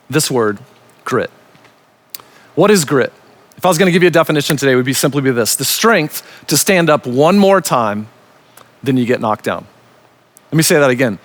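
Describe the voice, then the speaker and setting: A man, a pastor, preaching a recorded sermon in an emphatic, conversational way, slowing down to stress key words and dropping in casual asides. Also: a little high.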